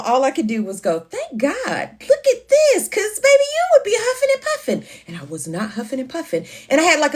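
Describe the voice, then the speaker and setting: A woman chats through a casual morning livestream, calling out viewers by name and leaning on endearments like honey and baby. Her voice sits a little high and leaps up in excited bursts. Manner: lively, swings up high in exclamations. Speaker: livestream host.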